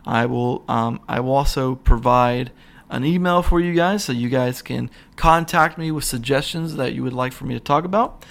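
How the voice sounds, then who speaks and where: Gravelly man rambling on his podcast. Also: mid-range voice, normal speed. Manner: rambling, excitable, many fillers and restarts. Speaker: podcast host. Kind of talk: casual solo podcast rant. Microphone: single mic, podcast.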